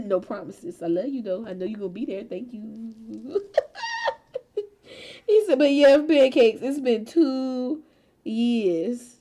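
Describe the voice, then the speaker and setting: A woman's voice: fairly high pitch, unhurried, mellow. A woman hosting a casual stream chat, laughing often, swearing freely and teasing her friends. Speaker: streamer host.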